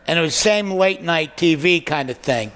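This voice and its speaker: A man, a guest comedian, telling stand-up stories in an animated, excitable way and doing quick voice impressions. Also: on the high side. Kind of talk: stand-up storytelling.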